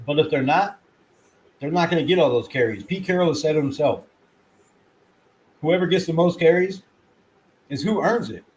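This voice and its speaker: A man runs his own fan channel and talks football in a rambling, excitable way, swearing freely and now and then chewing as he talks. His voice sits a little high for a man. A faint hiss runs under the home recording. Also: moderate pace, long pauses, rough recording. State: chewing food. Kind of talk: casual sports commentary.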